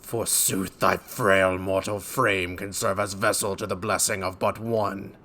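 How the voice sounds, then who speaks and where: A man's voice: flat delivery, unhurried, bright, forceful tone, exaggerated voice. Man putting on Ifrit, a wrathful fire god. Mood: menacing. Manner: booming archaic proclamations. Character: towering fire god, wrathful, archaic speech.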